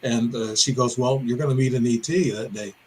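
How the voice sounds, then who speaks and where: A man's voice: mid-range voice, fairly even intonation, brisk, slight background noise, rough recording. Older man telling a winding story. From Midwestern US (Illinois). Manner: detailed, meandering storytelling with self-corrections. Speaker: podcast guest. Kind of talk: recounting a personal encounter story.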